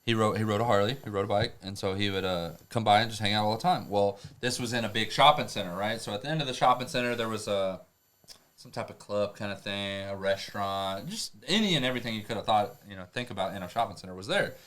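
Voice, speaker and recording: A man telling rough stories on a podcast, profane and rambling, laughing through them. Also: lowish voice, quick pace, a bit bright. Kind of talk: casual storytelling.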